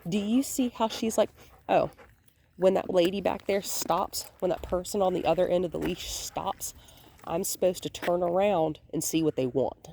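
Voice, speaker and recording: A woman dog trainer filming a walk outdoors on a hand-held phone, calmly explaining and softly praising the dog. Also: on the low side, moderate pace, creaky, husky. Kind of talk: hands-on training demonstration. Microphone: phone held in one hand.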